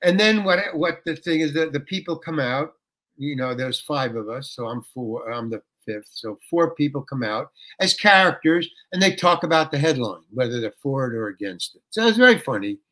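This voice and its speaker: An older man telling a story as an interview guest, animated and colloquial, often saying "man" and "you know". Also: medium pitch, normal speed.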